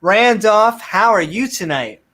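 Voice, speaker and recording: A woman's voice: medium pitch, animated, measured pace, fairly bright tone. A woman co-hosting a casual skeptic Bible study stream, playful and upbeat, bringing guests in. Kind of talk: casual chat.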